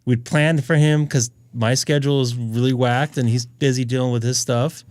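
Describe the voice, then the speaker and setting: A man's voice: medium pitch, steady tone, moderate pace, a little mellow, no echo. A man hosting a ham radio live stream, chatting in a rambling, jokey way and laughing often. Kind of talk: casual chat on a live stream.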